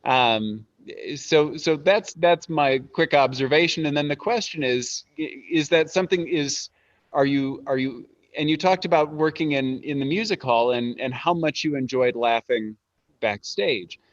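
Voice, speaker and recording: A man hosting an interview, putting viewers' questions in a halting way with many restarts. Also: fairly high pitch, no room sound, dull audio. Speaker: host.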